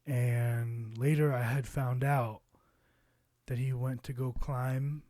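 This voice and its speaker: A man's voice: mid-range voice, little pitch movement, slow pace, dark tone, no echo, clean studio sound. A man casually telling a personal story to camera, rambling with lots of fillers and cursing. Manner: rambling, loose with curses and fillers. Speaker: vlogger.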